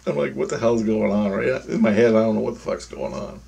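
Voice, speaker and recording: A man's voice: on the low side, fairly quick, creaky, mellow. A man telling a long dream story in a casual, meandering, profane way.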